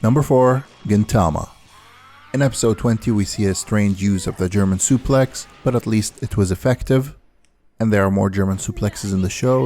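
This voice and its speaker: A host of anime and wrestling videos narrates a scripted video essay in a lowish voice. He counts down a list with steady delivery, with faint music playing in the background.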